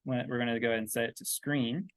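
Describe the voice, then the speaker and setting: A man giving a casual software tutorial, chatty and loose, thinking aloud with lots of fillers and checking in with "right?" as he works on a laptop. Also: mid-range voice, steady tone, quick pace, dry recording. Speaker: 3D texturing instructor. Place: indoors at a laptop.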